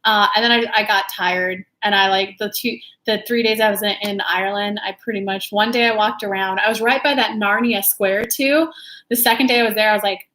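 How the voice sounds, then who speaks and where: A woman's voice: medium pitch, steady tone, brisk, bright, forceful tone. A young woman from California chatting casually on a livestream, rambling and laughing as she talks. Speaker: livestream host, tarot reader.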